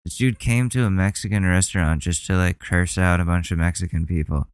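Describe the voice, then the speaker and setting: A man's voice: low-pitched, steady tone, a little fast, smooth, dry recording. A man hosting a podcast, reacting to videos bluntly and indignantly, swearing often. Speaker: podcast host.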